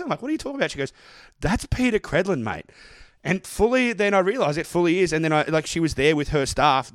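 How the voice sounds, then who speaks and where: A man's voice: medium pitch, no room sound, clean studio sound. A man with an Australian accent, co-hosting a podcast and telling a sweary anecdote in casual chat. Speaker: podcast co-host.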